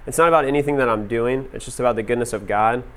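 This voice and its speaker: A man speaking to a group in a loose, conversational sermon style. His voice sits at a middle pitch. He tells stories freely and sprinkles "like" through his sentences. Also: quick pace. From United States. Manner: conversational, heavy use of "like". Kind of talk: casual sermon storytelling.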